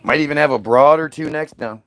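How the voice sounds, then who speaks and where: A man's voice: on the high side, brisk, a bit bright. A male comedian telling a rambling, profane story that casts the listener as "you.". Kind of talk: stand-up storytelling.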